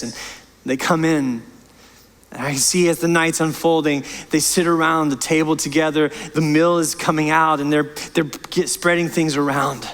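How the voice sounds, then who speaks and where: A man's voice: on the high side, fairly bright tone, in a large hall. A man preaching as pastor, impassioned and emphatic, often repeating and restarting words. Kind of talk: sermon. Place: church sanctuary.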